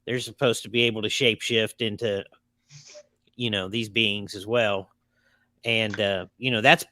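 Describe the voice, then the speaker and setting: Bright, dry-sounding hesitant male host. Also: mid-range voice, no echo. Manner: hesitant, full of "you know". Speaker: podcast host. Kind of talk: casual interview chat.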